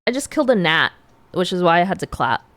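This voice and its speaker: A woman's voice: fairly low pitch, big pitch swings, fast talker, fairly bright tone, no room sound. A woman streamer in casual live stream chat, giggly and playful as she talks to her chat.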